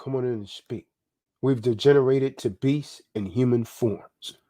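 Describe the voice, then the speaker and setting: A man's voice: medium pitch, unhurried, dark tone, no room sound, clean studio sound. A man hosting a live stream, preaching and exhorting his listeners, often ending lines with "man". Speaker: livestream host. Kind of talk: impassioned preaching livestream.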